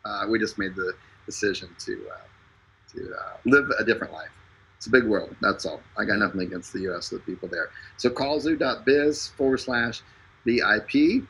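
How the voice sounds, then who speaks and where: A man hosts a live stream with a gravelly, raspy voice and a forceful, bright tone. He delivers a casual, joking sales pitch that is full of fillers and restarts. He speaks over an internet connection. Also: expressive, fairly quick, poor audio.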